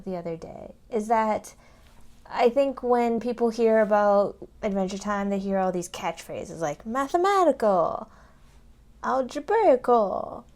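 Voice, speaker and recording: A woman's voice: mid-range voice, animated, a little slow, darkish tone. A woman co-hosting a casual rewatch podcast, giggly and enthusiastic, full of likes and fillers. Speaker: podcast co-host.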